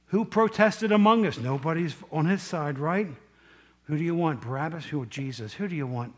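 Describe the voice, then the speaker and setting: Animated high-voiced male preacher. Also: moderate pace. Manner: animated, swings between loud scripture reading and quiet asides; asks the congregation questions directly. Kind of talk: sermon.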